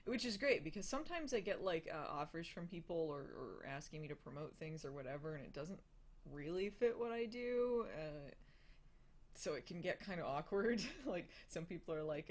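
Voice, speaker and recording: A young woman with a slightly low voice chats loosely on a live stream, laughing often. She stumbles through fillers and restarts as she reads out and answers viewer questions. Her talk is relaxed and offhand. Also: moderate pace. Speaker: host of a live hangout.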